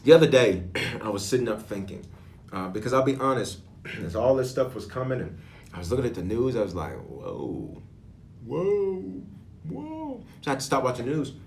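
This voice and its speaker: A man leading prayer and preaching a sermon as bishop, with sudden loud emphasis and frequent throat clearing. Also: mid-range voice, fast, echoey room, a little hiss or hum.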